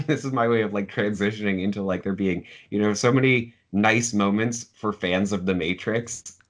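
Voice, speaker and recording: A man's voice: lowish voice, normal speed. A man co-hosting a casual film review chat, speaking hesitantly and stumbling over his words. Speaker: film review podcast co-host.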